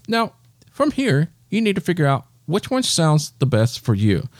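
A man's voice: on the high side, wildly swooping pitch, normal speed, dry recording, studio quality. A man hosting a step-by-step tutorial, patiently talking the listener through each gesture. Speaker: tech tutorial host.

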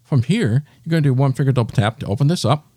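A man's voice: mid-range voice, animated, fast talker, mellow, breathy edge. A man hosting a step-by-step tutorial, patiently talking the listener through each gesture. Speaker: tech tutorial host.

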